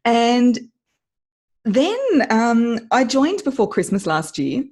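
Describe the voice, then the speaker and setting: An Australian woman, a voice coach, chatting as an interview guest and telling her story in an animated way with frequent laughs. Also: on the high side, slow, breathy edge. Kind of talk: casual interview chat.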